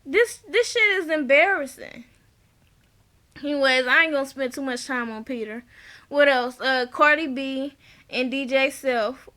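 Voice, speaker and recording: A woman with a high, bright voice talks through a reality-show episode in a loose, slangy recap. She is blunt and opinionated and keeps breaking into laughter as she goes. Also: a little slow. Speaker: TV show reviewer. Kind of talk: casual recap vlog.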